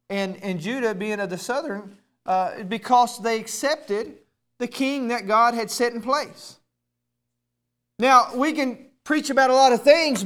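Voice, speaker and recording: A male pastor preaching a sermon, often repeating words as he restarts, then building to emphatic, raised passages. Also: very high-pitched. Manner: stammering word repeats, building to emphatic shouts.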